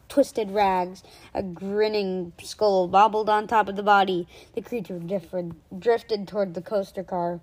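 A woman reading a children's chapter book aloud, expressive, with small stumbles and restarts. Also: medium pitch, measured pace. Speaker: reader.

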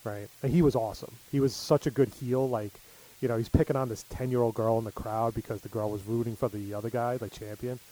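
A man's voice: medium pitch, fairly even intonation, quick pace, few pauses, mellow, poor audio. A middle-aged man telling stories in casual chat, full of fillers. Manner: rambling storyteller, many fillers.

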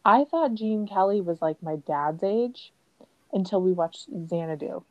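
A woman's voice: mid-range voice, measured pace, dry recording, muffled recording. A woman in her thirties, a podcast host in casual chat, telling stories with lots of laughter and acted-out quotes. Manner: animated storyteller, laughs often, acts out quotes.

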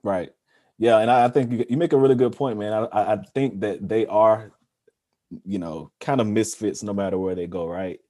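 A man with a lowish voice and a warm, mellow tone, talking in a podcast conversation. He speaks earnestly, hammering a point through repetition, then drops into quieter asides. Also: steady tone, normal speed, dry recording, clean studio sound. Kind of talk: casual discussion.

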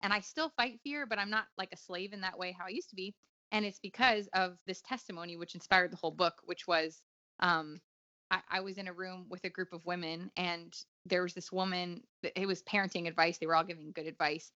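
A woman talks earnestly and reflectively, full of fillers and quick restarts. Her voice is bright and forceful, and it sits a little low. The sound is dry and somewhat dull, like a lo-fi recording. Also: steady tone, dry recording. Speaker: guest author. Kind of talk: conversational interview.

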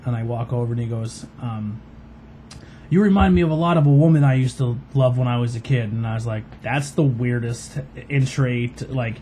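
A man's voice: mid-range voice, normal speed, dark tone, a little hiss or hum. A man, hosting a podcast and telling a long story in a rambling casual way, full of fillers and acted-out quotes. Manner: rambling, many fillers, acts out quoted voices. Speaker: podcast host.

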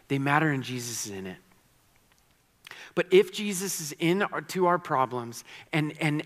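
A man's voice: fairly high pitch, a bit bright, in a large hall. A man preaching a sermon in a conversational, earnest way, often repeating words and restarting sentences. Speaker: pastor.

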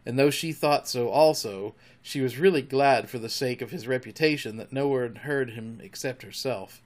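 A man reading a storybook aloud in an expressive, dramatic way. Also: mid-range voice, normal speed. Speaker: narrator.

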